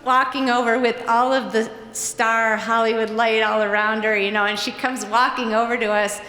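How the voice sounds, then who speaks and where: A woman from Virginia telling a true personal story live on stage in a chatty, animated way, often quoting herself. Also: fairly high pitch, normal speed. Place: stage in a large hall. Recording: echoey hall reverb.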